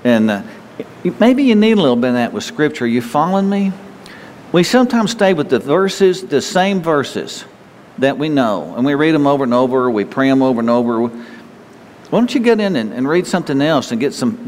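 Older male pastor, folksy rambling sermon, lively sing-song delivery, church hall echo. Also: medium pitch, a little hiss or hum. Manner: folksy, rambling, with asides and restarts. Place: church sanctuary. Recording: long hall reverb.

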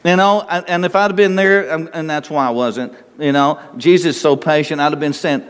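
A man's voice: on the high side, fairly quick, few pauses, smooth. A man preaching a conversational sermon in a folksy way, chuckling and asking his listeners rhetorical questions. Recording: long hall reverb.

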